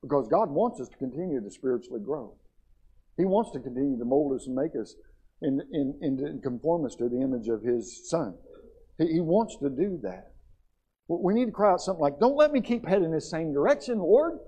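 A man's voice: mid-range voice, animated, a little fast, warm tone, husky. A middle-aged man preaching a sermon in a church, impassioned, with stammered restarts as he builds. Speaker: pastor.

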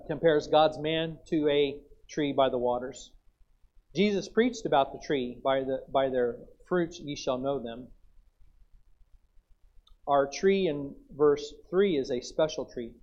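A man's voice: medium pitch, darkish tone, highs cut off. A man preaching a sermon in a folksy, storytelling way, with plain asides and Bible quotes. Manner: folksy, acts out chewing sounds.

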